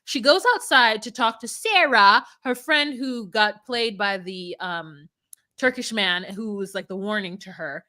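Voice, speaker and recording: A woman co-hosting a casual podcast, animated and swearing freely, mimicking people in a mocking voice. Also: medium pitch, measured pace. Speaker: podcast co-host recapping a reality show. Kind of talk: casual chat.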